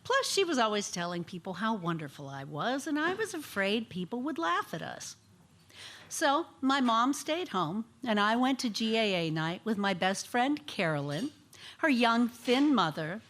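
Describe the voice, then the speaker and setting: A woman in her sixties reads a personal story aloud before a live audience. Her pitch rises and falls in a lively way, and she gives the quoted lines their own voices. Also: a little slow. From United States. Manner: expressive, acts out quoted voices. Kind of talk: reading a personal story on stage. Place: live venue on stage.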